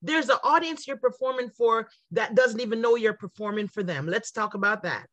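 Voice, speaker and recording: A woman's voice: on the high side, brisk, a bit bright, no room sound. A woman hosting a podcast, talking reflectively and with emphasis, speeding up as she lists examples. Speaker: podcast host. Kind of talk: conversational podcast talk.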